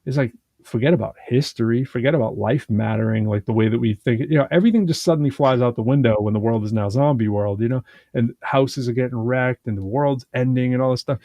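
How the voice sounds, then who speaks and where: A man of middle pitch talks casually on a podcast, his voice warm and mellow. He rambles in an animated way, restarting sentences and leaning on fillers. The sound is dry and close. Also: quick pace, hardly any pauses, dry recording. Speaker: podcast co-host. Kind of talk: casual conversational chat.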